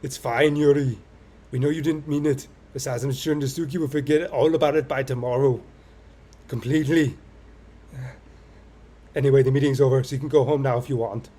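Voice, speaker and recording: A man voicing a cheerful, self-assured teenage schoolgirl who leads a club, speaking in a friendly, smooth way. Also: medium pitch, steady tone, brisk, mellow, close to an everyday voice. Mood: calm.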